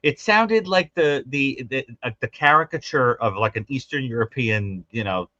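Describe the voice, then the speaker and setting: A man's voice: mid-range voice, normal speed, sharp tone, no room sound, dull audio. A man co-hosting a call-in show as a psychologist, playful, teasing and theatrical as he banters with a caller. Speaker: psychologist co-host.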